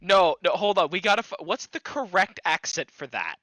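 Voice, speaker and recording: A co-host in casual stream chat, eager and teasing, jumping in with excited suggestions. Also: mid-range voice, moderate pace, dry recording, poor audio.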